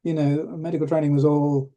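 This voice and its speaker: A man's voice: on the high side, little pitch movement, a little fast, mellow, highs cut off. An older man from England, telling a story as an interview guest, hesitant with many restarts and a dry humor. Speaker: interview guest, retired professor of rheumatology. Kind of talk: reflective storytelling.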